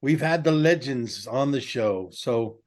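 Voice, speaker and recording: A man co-hosting a podcast in casual chat, quick with jokes and laughs. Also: mid-range voice, darkish tone. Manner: wisecracking, quick to joke and laugh. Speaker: podcast co-host.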